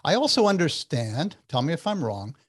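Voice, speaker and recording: A woman interviewing a guest, speaking in brief, unhurried prompts. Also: sits low, very animated, husky.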